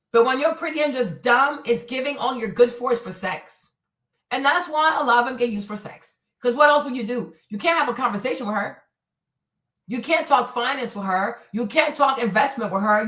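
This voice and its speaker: A woman's voice: a little high, a bit bright. A woman hosting a show, giving blunt, emphatic, exasperated commentary. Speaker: host. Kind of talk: opinionated commentary. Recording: roomy echo.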